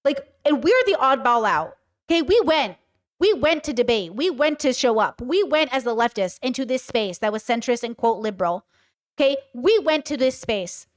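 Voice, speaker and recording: Woman with a somewhat high voice for a casual livestream; blunt, animated and emphatic delivery. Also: normal speed. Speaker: livestream commentator. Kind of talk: casual livestream storytelling and commentary.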